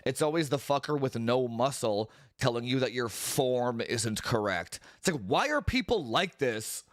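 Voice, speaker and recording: A man's voice: mid-range voice, big pitch swings, measured pace, no echo. Profane ranting young man, dry sound. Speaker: streamer. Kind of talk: casual stream chat.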